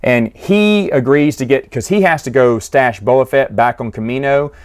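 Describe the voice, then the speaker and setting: A man's voice: medium pitch, a little mellow. A man casually recapping a children's book, chatty and amused, often acting out quotes from the characters. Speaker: book reviewer.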